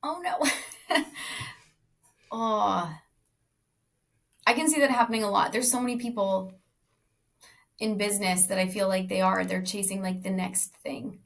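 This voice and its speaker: A woman hosting a casual podcast conversation, asking curious questions and musing, sometimes dropping her voice very low. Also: fairly even intonation, unhurried, vocal fry, pauses often. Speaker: podcast host.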